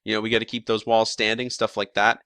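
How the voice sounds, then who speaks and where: A man's voice: fairly low pitch, level tone, quick pace, sharp tone, dry recording, studio quality. A young man talking casually about episode predictions, rambling with lots of fillers, restarts and the odd swear word. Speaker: YouTube show commentator.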